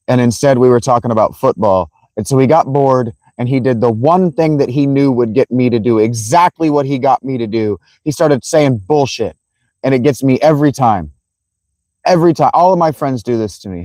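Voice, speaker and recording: A man hosting a casual livestream, telling a rambling, profane, animated story to his viewers. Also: medium pitch, no room sound, low-quality recording. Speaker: livestream host.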